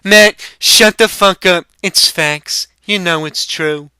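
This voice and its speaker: A man doing a cocky young stoner who drawls out crude trash talk, high and slow. The tone is piercingly bright and smooth. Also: no echo, full character voice. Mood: smug.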